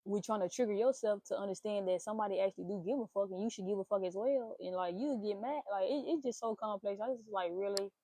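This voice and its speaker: A young woman hosting a casual talk stream, giving blunt, profane relationship advice in an animated rant. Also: medium pitch, fast talker, hardly any pauses, no room sound. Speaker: host.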